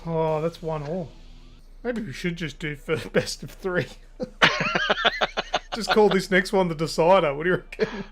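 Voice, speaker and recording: An Australian man co-hosting a live show, chatting casually while playing a fighting game, excitable and swearing a lot. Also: on the high side, moderate pace, background noise. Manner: excitable, swears, laughs often. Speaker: co-host. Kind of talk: casual gaming banter.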